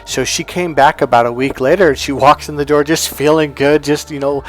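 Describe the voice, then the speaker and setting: Brisk and with few pauses, a relationship coach and hypnotherapist tells a motivational personal story while soft music plays behind him. He acts out the dialogue animatedly, pushing his pitch up high on the quotes.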